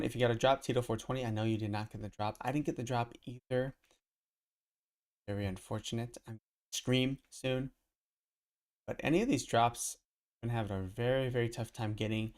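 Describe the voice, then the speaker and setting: A man casually talking through a live stream at his computer, rambling and thinking aloud as he goes. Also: medium pitch. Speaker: crypto collectibles streamer. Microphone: desk mic.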